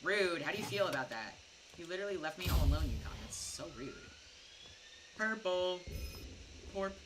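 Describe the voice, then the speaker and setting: A woman's voice: fairly low pitch, huge pitch swings, moderate pace. Tipsy, chatty young American woman streamer. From United States. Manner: rambling, chatty storytelling with many fillers. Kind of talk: casual gaming stream chat. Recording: distant mic with background noise.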